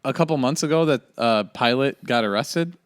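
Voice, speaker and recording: A man, a comedian guest on a casual podcast chat, talking in halting bursts with chuckling asides. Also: medium pitch, smooth, no echo, studio quality.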